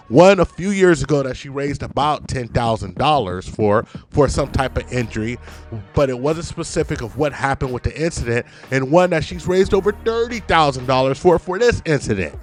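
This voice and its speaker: A man's voice: medium pitch, animated, normal speed, soft background music. A man giving video commentary, sarcastic and firing off rhetorical questions.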